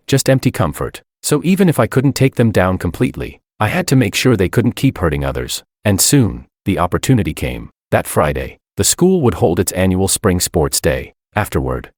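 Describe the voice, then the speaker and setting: Deep-voiced male story narrator. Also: a little mellow, no echo, studio quality. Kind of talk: scripted first-person story narration.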